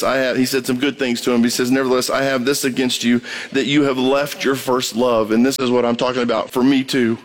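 A man preaching a radio sermon, impassioned, swinging between high urgent pleading and low emphatic asides.

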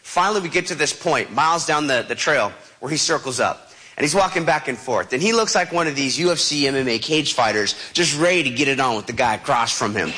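A man's voice: medium pitch, expressive, fairly quick, pushed and bright, slightly rough. A man telling a personal story with vivid, dramatic animation and sound effects, as a motivational speaker.

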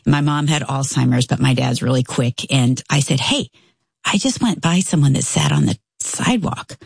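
Woman, low gravelly voice, animated casual storyteller, dry close mic. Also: moderate pace, no room sound. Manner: animated, acts out quoted voices. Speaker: storyteller guest.

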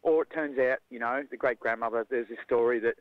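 An Australian man who coaches jiu-jitsu, talking in a lively, casual way and acting out the voices of people in his stories. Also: mid-range voice, fairly quick, dry recording, phone-quality sound. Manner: animated storyteller, acts out quoted voices. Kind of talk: casual conversation.

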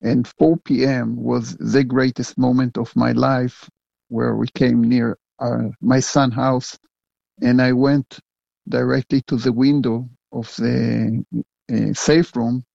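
An older man, a retired general answering interview questions in a halting way, full of fillers and restarts. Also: medium pitch, level tone, vocal fry, warm tone, dry recording, muffled recording. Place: home in a big city.

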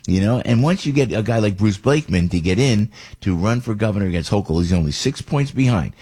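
Husky low-voiced American talk host. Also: male voice, a little fast. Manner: rambling, animated, with many restarts and asides. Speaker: radio talk show host. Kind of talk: casual opinionated talk radio.

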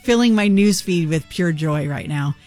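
A woman co-hosting a morning radio show, talking in an excited, chatty storytelling way. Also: fairly low pitch, moderate pace, faint music behind. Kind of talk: casual morning radio chat.

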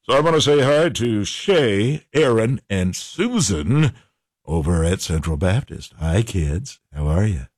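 A man's voice: on the low side, lively intonation, a little slow, a little mellow, no room sound, studio quality. Jokey rambling male radio host. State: hiccups. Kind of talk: casual radio show chat.

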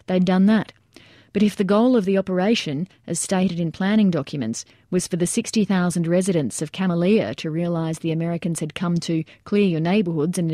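A woman narrating an audiobook in a measured, steady reading style. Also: lowish voice, no room sound, clean studio sound.

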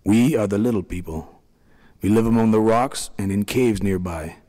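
A man's voice: on the low side, moderate pace, close to an everyday voice. A man voicing a kind, soothing leader of the little people, a small middle-aged man. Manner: gentle, soothing.

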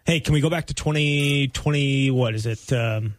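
A man co-hosting sports talk radio, arguing his points quickly with frequent restarts. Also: medium pitch, no room sound. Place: radio studio.

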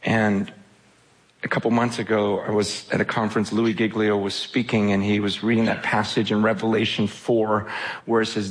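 A man's voice: lowish voice, level tone, moderate pace. A man preaching an impassioned sermon at a conference, emotional and urgent, often repeating and restarting his phrases. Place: conference hall.

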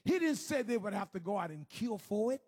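A man preaching a sermon, moving from hushed, low moaning to shouted, sing-song exhortation. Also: sing-song, fairly quick, slightly rough.

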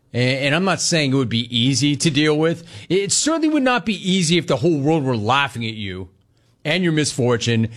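A middle-aged man hosting a sports talk radio show, delivering an emphatic, punchy monologue full of repetition. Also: mid-range voice.

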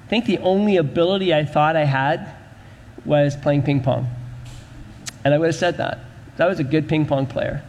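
A man's voice: a little high, normal speed, long pauses, darkish tone, big-room sound. A man pastor preaching a sermon in a church, with rhythmic, repetitive emphasis.

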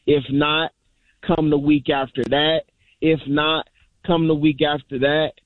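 A male fan calls in over a thin phone line, speaking slowly and deliberately. He rallies his listeners with repeated phrases in a mid-range voice. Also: on the high side, flat delivery, no room sound. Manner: measured, rallying, repeats phrases. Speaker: caller. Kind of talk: fan call-in.

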